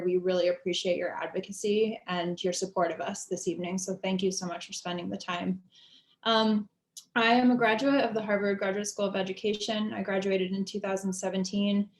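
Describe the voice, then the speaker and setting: A woman in her thirties gives a chatty, heartfelt candidate speech on a video call from an office. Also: mid-range voice. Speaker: board candidate. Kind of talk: casual virtual-event speech. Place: office at a campus cultural center. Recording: echoey room over video call.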